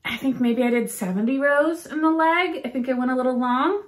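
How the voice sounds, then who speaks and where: A woman co-hosting a podcast, chatting quickly and eagerly about her knitting. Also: high voice. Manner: fast, chatty, enthusiastic. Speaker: podcast co-host. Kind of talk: casual chat about knitting.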